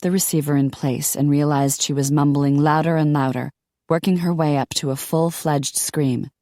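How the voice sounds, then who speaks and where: Low-voiced woman reading an audiobook. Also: fairly even intonation, normal speed, warm tone, dry recording, studio quality. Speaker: audiobook narrator. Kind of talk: scripted audiobook narration.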